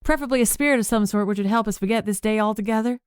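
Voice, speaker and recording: A woman's voice: mid-range voice, rapid-fire, smooth, no room sound, clean studio sound, pitched above the performer's own voice, close to an everyday voice. A woman narrator voicing a spirited young woman with unruly powers, exasperated and determined.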